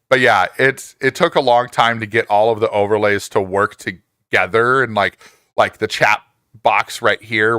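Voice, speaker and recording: Man, forties, live streamer, casual chat, laughs often, smooth voice, dry close sound. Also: dry recording. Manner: chatty, laughs often, pitch jumps when excited. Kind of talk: casual chat reading viewer messages.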